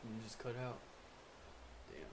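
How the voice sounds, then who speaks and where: Flat-toned man reacting casually. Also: on the low side, measured pace, creaky, noisy background. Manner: laid-back, slangy, flat-toned remarks. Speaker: reaction video host.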